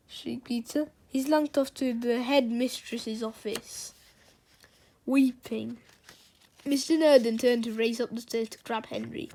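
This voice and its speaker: A woman reading a children's storybook aloud, in a gentle read-aloud manner. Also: a little high, steady tone, unhurried.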